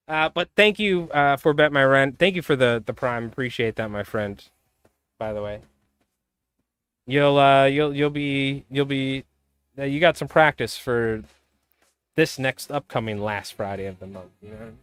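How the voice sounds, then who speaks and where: A man streaming live, chatting casually and calling a marble race with loud bursts of excitement. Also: fairly high pitch, moderate pace, clear, resonant tone, no room sound. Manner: rambling, laid-back, bursts into loud excited commentary. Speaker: streamer and fly tier. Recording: faint music under the voice. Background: background music.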